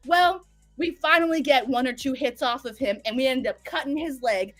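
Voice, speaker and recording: A woman recaps a show in a casual, animated way, swearing freely. Her voice sits high, with soft music faintly behind her. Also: moderate pace, dry recording. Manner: profane, animated storytelling. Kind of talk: casual chat.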